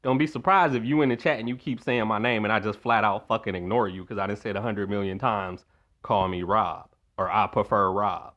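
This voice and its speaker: A man's voice: fairly low pitch, fast talker, few pauses, a bit bright, dull audio. A man telling a long story to his stream chat in a blunt, profane rant, acting out the voices of the people he quotes.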